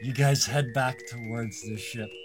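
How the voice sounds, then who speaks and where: A man's voice: mid-range voice, fairly even intonation, a little slow, over music. A man narrating as game master for a tabletop game, loose and improvised, laughing often.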